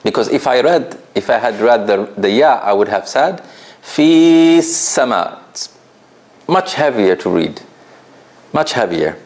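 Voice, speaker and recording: A man's voice: fairly low pitch, lively intonation, a little slow. A man teaching a tajweed class in an office, patient and laughing often as he asks the students questions. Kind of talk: classroom lesson.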